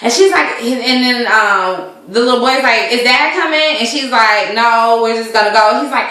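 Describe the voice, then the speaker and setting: A woman chatting casually as she recaps a TV episode, acting out the characters' lines in an animated way. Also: on the high side, normal speed. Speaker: TV show reviewer. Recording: echoey room.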